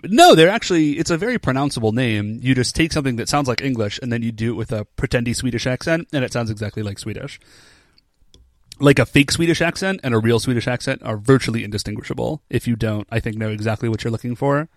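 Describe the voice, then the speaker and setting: Fast and lively in intonation, this young man's mid-range voice carries a laid-back podcast chat where he co-hosts and uses "like" constantly. The recording has no echo.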